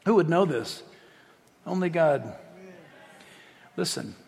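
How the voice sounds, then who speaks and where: A man preaching a lively sermon, his voice pitched high for a man. He jokes and acts out the scripture scenes as he goes. His words ring with a long hall reverb. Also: takes it slowly, vocal fry. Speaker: pastor.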